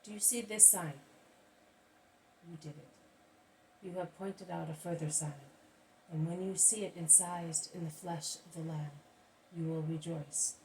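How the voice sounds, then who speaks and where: A woman's voice: fairly low pitch, unhurried, long pauses, warm tone. A woman reading as a grave, solemn male teacher. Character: calm, stern male teacher pronouncing judgment. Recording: distant mic, faint background hiss.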